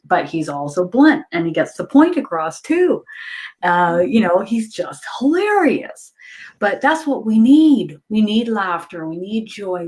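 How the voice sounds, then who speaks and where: A woman medium hosting a casual spiritual chat, enthusiastic and laughing often. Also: medium pitch. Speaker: medium and host.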